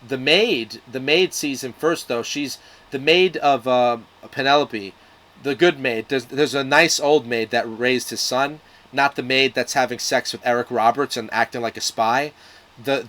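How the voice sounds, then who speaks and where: A man's voice: mid-range voice, a bit bright. A man talking casually to camera, retelling a miniseries plot in a loose, profane way, with lots of restarts and fillers. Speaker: video reviewer.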